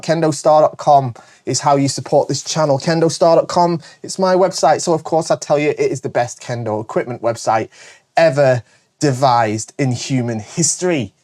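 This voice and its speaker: A man with a northern English accent hosts a casual question-and-answer video. He talks fast and eagerly and keeps correcting himself, and his voice sits a little high for a man. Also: darkish tone. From Britain. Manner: fast, chatty and enthusiastic, with frequent self-corrections. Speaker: host.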